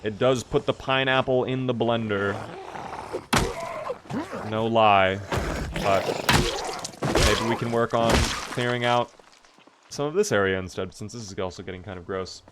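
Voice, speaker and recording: A man's voice: lowish voice, measured pace, pauses often. A young man commenting casually on a live game stream, joking, swearing and answering chat as he plays. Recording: noisy stream audio with clicks.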